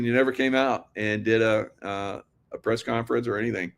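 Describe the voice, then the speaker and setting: Male vlogger, low-ish voice, loose rambling sarcastic monologue with frequent laughs. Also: steady tone, a little fast. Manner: rambling, sarcastic, laughs often, talks to "guys". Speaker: political commentary vlogger. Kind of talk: casual monologue to viewers.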